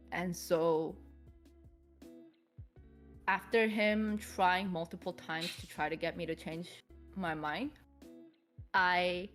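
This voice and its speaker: Woman podcast guest, lower voice, measured and reflective storytelling, soft music underneath. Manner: calm, measured, reflective retelling. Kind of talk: personal storytelling in a podcast interview.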